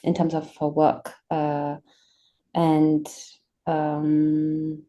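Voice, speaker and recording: A woman's voice: deep voice, monotone, drawn-out words, dull audio. A woman artist chatting casually on a video call, hesitant with many restarts. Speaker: artist guest.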